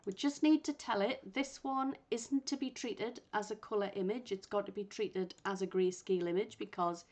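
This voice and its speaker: A woman instructor guiding learners step by step through a software tutorial, thinking aloud as she works. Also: mid-range voice, moderate pace. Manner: patient, thinks aloud while working. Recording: muffled lo-fi recording.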